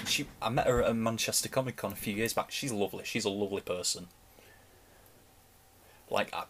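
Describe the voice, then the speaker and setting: Young man, lowish voice, casual reaction talk, rambling, self-correcting, enthusiastic fan, slight background hiss. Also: fairly bright tone. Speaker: reaction video host.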